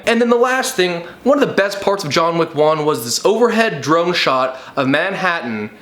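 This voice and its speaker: A man's voice: a little high, animated, normal speed, hardly any pauses, fairly bright tone, roomy sound. A young man reviewing a movie in a sarcastic, profane comic rant, often slipping into mock voices.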